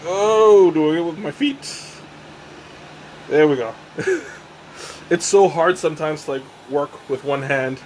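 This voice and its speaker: A man's voice: fairly high pitch, animated, slow pace, pauses often, darkish tone, a little hiss or hum. A man hosting a casual live tea-tasting stream at home, rambling and self-deprecating, winded from sweating and choking. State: sweating and catching his breath after choking. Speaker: livestream host. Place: home room with a fan running.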